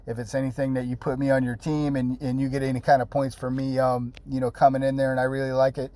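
A man's voice: medium pitch, level tone, fast, mellow. A man in his thirties hosting a casual app tutorial, rambling and chatty with fillers and repeated words, blunt and jokey with mild swearing. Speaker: channel host.

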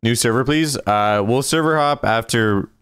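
A man's voice: mid-range voice, moderate pace, fairly bright tone, clean tone, dry recording, studio quality. A young man streaming a game live, playfully chatting with a friend and thanking donors. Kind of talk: casual livestream chat.

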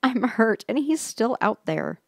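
A ghostly limping woman from a spooky storybook, crying softly and begging plaintively for help, as a storyteller puts her on. The voice is pitched well above the reader's usual tone and recorded dry and close. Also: sing-song, a little slow, gravelly, no echo, exaggerated voice.

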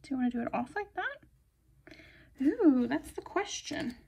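A woman chatting casually and giggling as she decorates a planner, her voice sometimes dropping to soft murmurs. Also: sits high, big pitch swings, measured pace, creaky. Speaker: planner vlogger. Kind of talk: casual plan-with-me narration.

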